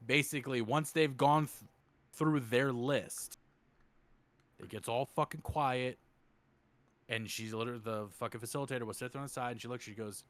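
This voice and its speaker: A young man co-hosting a podcast, explaining things in rambling, profane run-on sentences. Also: on the low side. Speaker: podcast co-host. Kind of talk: casual podcast chat.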